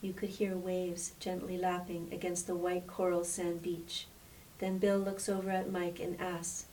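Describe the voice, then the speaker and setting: A woman storyteller reading a story aloud in a measured, expressive way. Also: fairly low pitch. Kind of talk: storybook narration. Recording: distant mic with faint hiss.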